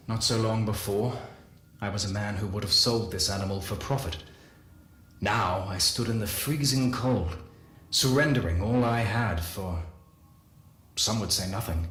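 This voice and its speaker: A man giving a dramatic first-person lore reading, measured and solemn, with slow deliberate pauses. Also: on the low side, fairly bright tone. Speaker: lore narrator. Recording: roomy echo with faint hiss.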